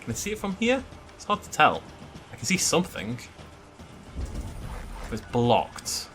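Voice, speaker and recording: A man's voice: fairly high pitch, huge pitch swings, unhurried, fairly bright tone, soft background music. A man chatting and joking as he plays through a video game, thinking aloud as he goes. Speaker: gaming YouTuber. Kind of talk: let's play commentary.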